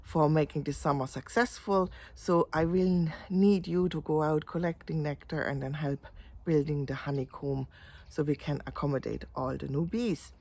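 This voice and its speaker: Give me a woman playing a no-nonsense queen bee giving orders, deep for a woman. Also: fairly even intonation, normal speed, a little mellow. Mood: instructing. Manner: matter-of-fact instructions. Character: bossy female queen bee planning ahead.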